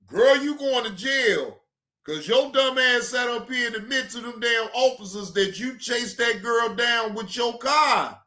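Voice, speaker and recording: High, bright-voiced man scolding bluntly. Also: measured pace. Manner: animated, shouting at times. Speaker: host of a reaction stream. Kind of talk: casual reaction commentary.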